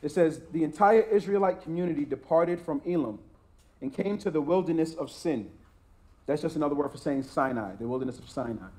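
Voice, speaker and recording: Preacher guy, pretty high voice, emphatic and repeats himself a lot. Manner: emphatic, repetitive preaching with restarts. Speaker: pastor. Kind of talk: sermon.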